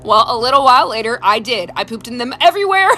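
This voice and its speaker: A woman in her thirties casually telling funny family stories, acting out the people she quotes and laughing often. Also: on the high side. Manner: animated, acts out quoted voices, laughs often. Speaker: storyteller. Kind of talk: casual storytime monologue.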